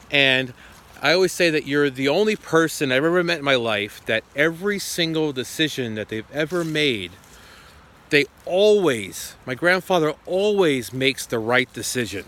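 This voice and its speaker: A man's voice: mid-range voice, a bit bright. A man in his forties casually retelling a phone call, acting out both sides. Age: 40s. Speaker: vlogger. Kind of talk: casual storytelling to camera.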